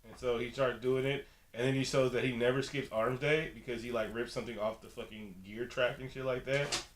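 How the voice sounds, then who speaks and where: A man on a casual podcast, recapping a horror movie in an animated way and acting out the characters' lines. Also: mid-range voice, a little fast, reverberant. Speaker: podcast co-host. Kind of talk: casual movie review chat.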